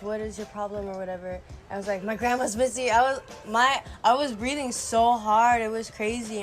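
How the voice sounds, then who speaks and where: A young woman vlogger retells a story in a medium-pitched voice, casual and animated, with dramatic delivery. Her talk is slangy and packed with "like," punctuated by sudden loud quoted outbursts.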